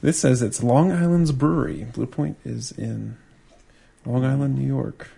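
A man's voice: medium pitch, unhurried, creaky, dark tone, husky. A man co-hosting a podcast, talking about beer in a casual, easygoing way that rambles with fillers. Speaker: podcast co-host. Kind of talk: casual beer-tasting chat.

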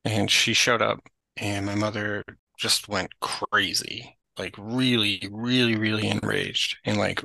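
A man's voice: on the low side, slow, gravelly, no room sound, low-quality recording. A young man, a podcast guest, chatting casually about caring for his mother, using lots of "like". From Greek family background. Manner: chatty, lots of "like", animated retelling. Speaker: podcast guest, family caregiver. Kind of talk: casual conversational storytelling.

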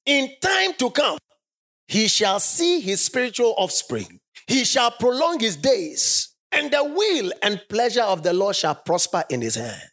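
A preacher delivers a sermon with a lively voice that rises and falls widely, sitting at a middle pitch. The speaker hammers points home by repeating them and asks the congregation to call back. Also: measured pace. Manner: emphatic, repeats phrases for stress. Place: church service.

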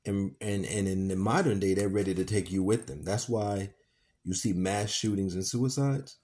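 A man reading a novel aloud and adding his own commentary, with fillers, pauses and self-corrections. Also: on the low side, steady tone, a little mellow. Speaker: podcast reader and commentator.

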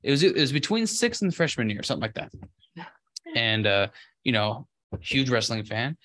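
A man's voice: mid-range voice, animated, moderate pace, a bit bright, no room sound. A young man on a podcast, telling a rambling story full of filler words and swearing. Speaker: podcast co-host. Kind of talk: casual podcast chat.

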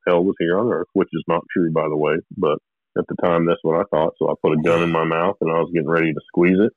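A man telling his own story as an interview guest, rambling and halting in an earnest, confessional way. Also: sits low, level tone, dry recording. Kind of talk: personal testimony in conversation. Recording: narrow phone-like line, dry.

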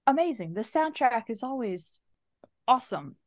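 A woman's voice: a little high, normal speed, no echo, studio quality. A woman co-hosting a podcast, chatting about a movie with emphatic exclamations. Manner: expressive, laughs easily, emphatic exclamations. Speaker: podcast co-host. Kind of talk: casual movie review chat.

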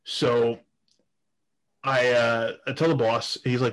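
A man's voice: medium pitch, flat delivery, moderate pace, pauses often, fairly bright tone. A man telling crude stories in a casual podcast chat, laughing often and restarting his sentences. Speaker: guest storyteller.

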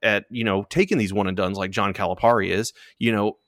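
A man's voice: lowish voice, fairly even intonation, a bit bright, no room sound, studio quality. A man on a casual sports podcast, venting frustration with heavy swearing and long analogies. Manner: profane, frustrated, drawn-out analogies. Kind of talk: heated casual sports talk.

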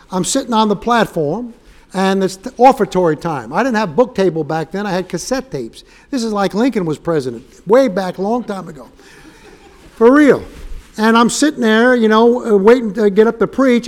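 A man giving a storytelling sermon as a guest preacher, joking and acting out quoted dialogue in different voices. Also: high-pitched. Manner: humorous, acts out quoted dialogue.

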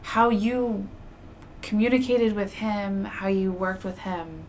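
A woman's voice: medium pitch, slow pace, a little mellow. A woman co-hosting a casual interview, asking encouraging questions and affirming often. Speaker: podcast co-host. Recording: faint background noise.

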